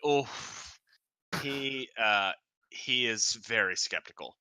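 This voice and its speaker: A man's voice: mid-range voice, slow, pushed and bright, clean tone, no echo, clean studio sound. A man running a tabletop game as game master, narrating in a loose, rambling way. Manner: loose and rambling, lots of restarts.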